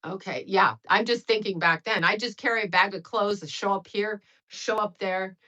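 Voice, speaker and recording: A woman's voice: mid-range voice, normal speed, sharp tone. A woman in her fifties hosting a casual livestream, blunt and profane, rambling between stories and astrology. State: sweating.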